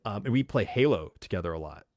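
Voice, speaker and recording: A man with a New York accent chats his way through a live-streamed podcast. He rambles, laughs often and gets excitable. The sound is dry and close to the mic. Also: lowish voice, fast, no echo. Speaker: podcast co-host. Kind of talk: casual live-stream chat.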